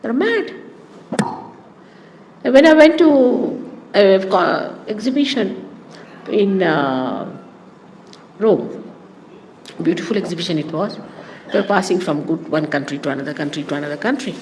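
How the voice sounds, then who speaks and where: Addressing her followers, a spiritual teacher from India tells stories and drifts into asides. Her low-leaning voice is sing-song and darkish, measured in pace with frequent pauses, ringing through a large reverberant hall over a faint hum.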